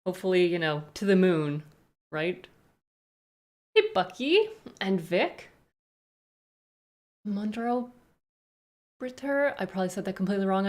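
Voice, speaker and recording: Chatty woman streamer, slightly low voice. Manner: chatty, rambling asides, greets viewers one by one. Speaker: streamer greeting live chat. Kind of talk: casual live stream chat.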